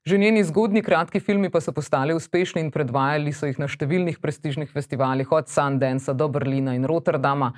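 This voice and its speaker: A man hosting and narrating a scripted segment, with a brisk, informative delivery. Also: a little high. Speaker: program host and narrator.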